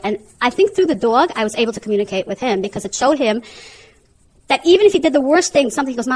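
A woman's voice: a little high, poor audio. A woman with giving an emotional, earnest personal testimony as a mother, often repeating herself. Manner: emotional, repetitive, earnest storytelling.

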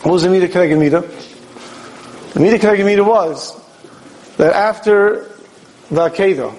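A man's voice: sits high, normal speed, darkish tone, poor audio. A man, a rabbi, giving a Torah sermon in a storytelling manner, asking questions and acting out dialogue.

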